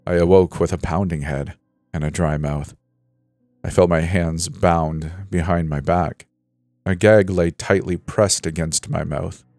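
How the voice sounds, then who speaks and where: A man narrating a horror story in a slow, measured way. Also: deep voice, steady tone, a little mellow, dry recording. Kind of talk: scripted narration. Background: faint music.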